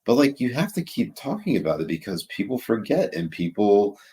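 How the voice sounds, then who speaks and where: A man's voice: fairly low pitch, big pitch swings, a little fast, mellow, slightly rough. A man co-hosting a casual political commentary show, ranting and swearing freely. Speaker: co-host.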